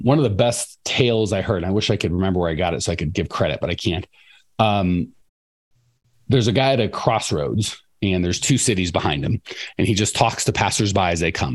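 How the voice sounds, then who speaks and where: A middle-aged man hosting a casual podcast, his voice sitting low in its register. He tells stories with energy and slips into raised, playful voices when he quotes people. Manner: animated storyteller, acts out quotes in a raised voice. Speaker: coach and podcast host for cleaning business owners.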